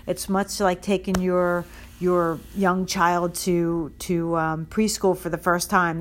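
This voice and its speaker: A woman dog trainer giving casual, direct advice, talking it through with frequent ums and you-knows. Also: on the low side. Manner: direct and instructive, with many fillers.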